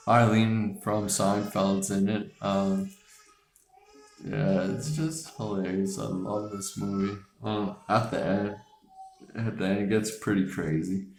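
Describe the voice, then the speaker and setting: Casual male host, slightly low voice, rambling and profane, recorded in a roomy space. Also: a little mellow. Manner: rambling, frequent fillers and restarts, casual swearing. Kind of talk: casual movie chat. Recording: echoey room.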